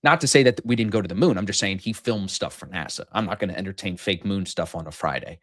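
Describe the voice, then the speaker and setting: A man in his thirties hosts a live trading stream in loose, rambling banter. His voice sits low, and he jokes and swears freely as he talks. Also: quick pace.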